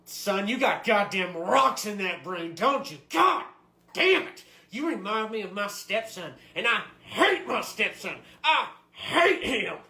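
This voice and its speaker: A man's voice: high voice, lively intonation, moderate pace, few pauses, pushed and bright, exaggerated voice. A man playing a foul-mouthed rude customer. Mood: angry. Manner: swearing, insulting, aggressive. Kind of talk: comedy skit acting. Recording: roomy echo.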